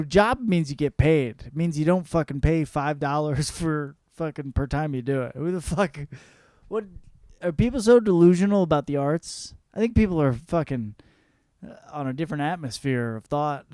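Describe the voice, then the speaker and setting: Podcast host, male, 30s, profane rambling delivery, slightly high voice, dry room. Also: normal speed, a little mellow, no room sound. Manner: profane, rambling, laughing at his own jokes. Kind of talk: casual comedic monologue.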